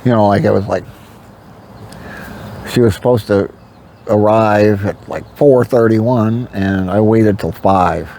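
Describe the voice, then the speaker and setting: An older man tells a personal story straight to camera in a loose, candid ramble, full of "you know" and "like." His voice sits low and sounds mellow. A faint hiss runs underneath the recording. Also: slow pace, creaky, pauses often. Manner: rambling and candid, with frequent fillers. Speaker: vlogger.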